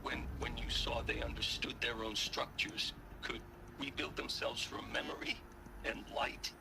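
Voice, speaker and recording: An actor voicing a remorseful male scientist in a video game, speaking haltingly and repeating words. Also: mid-range voice, fairly even intonation, gravelly. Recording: game audio with noise behind.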